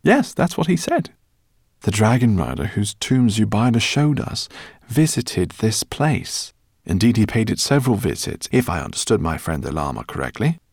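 A man's voice: on the low side, sing-song, normal speed, vocal fry, darkish tone, slightly rough, no echo, clean studio sound, exaggerated voice. A man voicing an enthusiastic older professor who explains things, in a storybook reading. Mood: jovial.

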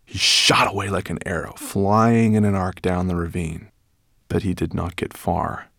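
A man's voice: low voice, normal speed, creaky, a bit bright, no echo, clean studio sound. A man narrating a children's adventure audiobook in a dramatic storytelling manner. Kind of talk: scripted narration.

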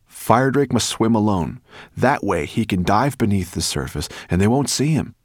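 A plucky young boy in a storybook, brisk and bossy and full of quick plans, with his voice pushed up higher by a male narrator. He speaks close to the mic in a dry recording. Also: lively intonation, no echo. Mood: directing.

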